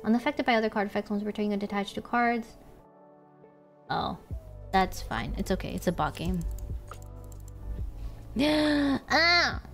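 A woman's voice: mid-range voice, brisk, vocal fry, pauses often, soft background music. A woman streaming a card game, thinking aloud, swearing and squealing when things go wrong. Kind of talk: casual gameplay streaming.

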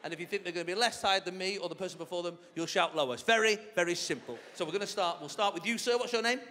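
Chatty stand-up comedian on stage. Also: male voice, high voice, very fast, sharp tone. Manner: chatty, conversational, self-mocking. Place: large theatre on stage. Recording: large hall with reverb, audience noise.

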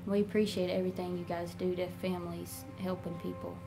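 A woman's voice: lowish voice, flat delivery, a little fast, over music. A woman speaking hesitantly and earnestly, asking investigators for help. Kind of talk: casual interview.

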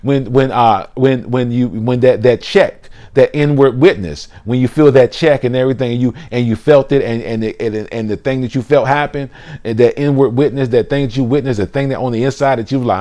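A man preaching a casual livestream sermon from his phone, animated and repetitive, stumbling and restarting often. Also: medium pitch, moderate pace. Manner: animated preaching, repeats words and restarts, casual Southern-style "y'all". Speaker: pastor.

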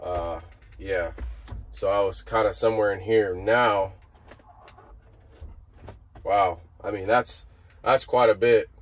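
This man talks through a repair from his truck cab in a relaxed, meandering how-to vlog, full of fillers and false starts. His lowish voice stays fairly even in intonation, slow and with frequent pauses.

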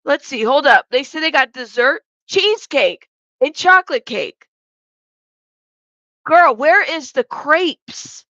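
High, gravelly-voiced woman chatting. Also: sing-song, slow, bright, forceful tone, no room sound. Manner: chatty, joking asides, laughs often. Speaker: commentary channel host. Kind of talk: live-stream commentary reading chat. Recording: dull lo-fi sound.

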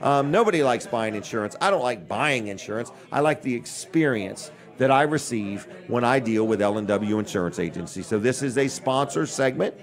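A man's voice: medium pitch, expressive, moderate pace, hardly any pauses. An older man hosting a live radio and TV show from a busy restaurant, rambling casually between giveaways and sponsor plugs with dry jokes. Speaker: host. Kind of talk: live on-location radio and TV talk.

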